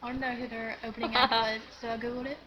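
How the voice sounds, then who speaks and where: A teenage girl chatting casually on a home video, excited and rambling, with lots of giggles and "like"s. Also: on the high side, rapid-fire, a little hiss or hum, rough recording. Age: teens. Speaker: vlogger. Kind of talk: casual storytelling chat.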